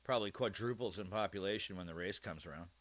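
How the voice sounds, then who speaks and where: Chatty Canadian man, lowish voice. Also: fast, a bit bright. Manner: chatty and candid, thinking aloud. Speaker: livestream reactor. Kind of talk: casual live reaction chat.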